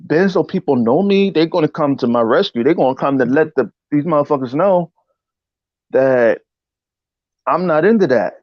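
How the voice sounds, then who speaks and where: Interview guest, male, animated storyteller, fairly high voice, dull dry recording. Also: no room sound. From United States. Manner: animated, often says "you know what I'm saying"; acts out voices in quotes. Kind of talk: casual spoken storytelling.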